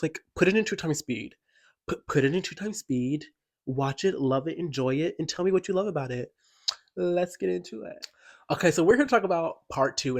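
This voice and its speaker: A man giving a chatty, enthusiastic album review as a YouTuber, filling his talk with "like". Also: medium pitch. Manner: chatty and enthusiastic, heavy use of "like". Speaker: music commentary YouTuber. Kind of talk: casual album review commentary.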